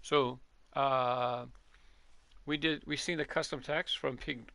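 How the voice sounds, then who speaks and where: A man's voice: mid-range voice, fairly even intonation, slow, gravelly, sharp tone, no room sound. A middle-aged man from Southern California, chatting casually and rambling as he comments on his own gameplay. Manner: chatty, rambling, self-correcting. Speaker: gaming channel host.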